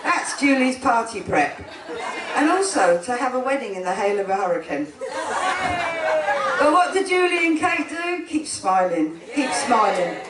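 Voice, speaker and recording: Over a loud crowd and heavy background noise, a woman with a high voice and big pitch swings speaks at normal speed but pauses often. She is the twin sister of one bride, giving a chatty, laugh-filled speech indoors and breaking off mid-sentence, captured far from the mic in an echoey room.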